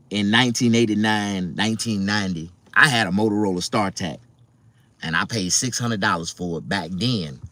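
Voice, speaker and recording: Middle-aged Southern man, very low voice, loose and profane, chatting his life story to viewers. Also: fairly bright tone, dry recording. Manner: loose, profane, conversational with many fillers. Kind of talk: casual livestream storytelling.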